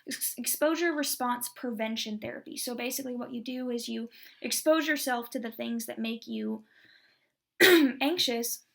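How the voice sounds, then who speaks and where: A young woman in her twenties, from Texas, tells a personal story to her vlog camera. Her voice sits a little high and slips into a gravelly fry at the ends of phrases. She talks in a candid, rambling way, packed with "like.". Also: normal speed, fairly bright tone. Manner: candid, rambling, heavy use of "like". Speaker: vlogger.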